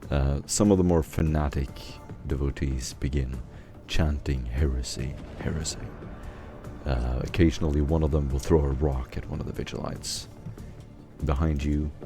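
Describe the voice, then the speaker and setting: A man narrating a tabletop game as game master, describing scenes in an unhurried way with fillers. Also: very deep voice.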